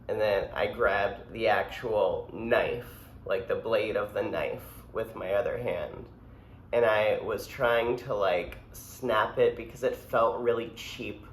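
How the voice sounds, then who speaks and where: Brief: unhurried, lowish-voiced man, rambling casual storyteller, echoey room. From United States. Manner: laid-back, rambling, filler-heavy. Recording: echoey room, faint background hum.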